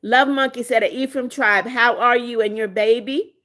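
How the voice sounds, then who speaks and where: A woman's voice: a little high, steady tone, normal speed, fairly bright tone. A middle-aged American woman hosting a livestream in casual chat, reading viewers' comments aloud and answering them in a friendly way. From United States. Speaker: livestream host.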